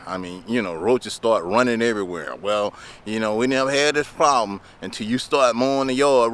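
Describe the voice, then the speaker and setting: A man's voice: mid-range voice, a bit bright. A man telling lawn care stories to his viewers in a chatty, laughing way. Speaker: lawn care business owner. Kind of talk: casual storytelling vlog.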